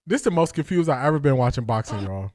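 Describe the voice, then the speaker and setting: A man's voice: medium pitch, lively intonation, quick pace, a little mellow, dry recording, studio quality. A man reacting live to a boxing match at a watch party, exasperated, laughing, and repeating himself. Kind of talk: live fight reaction commentary.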